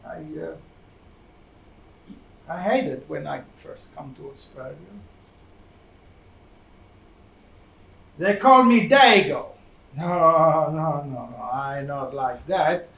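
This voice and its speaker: An actor playing a proud older Italian immigrant man on stage, speaking animated broken English with an Italian accent. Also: a little high, slow, vocal fry, exaggerated voice. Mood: bitter. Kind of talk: stage play acting. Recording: echoey theatre stage from far off.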